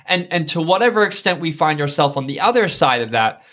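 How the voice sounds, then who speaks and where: Man leading a relaxed Bible study. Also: on the high side, a little fast. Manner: thoughtful, explanatory, addresses co-host by name. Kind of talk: conversational Bible study discussion.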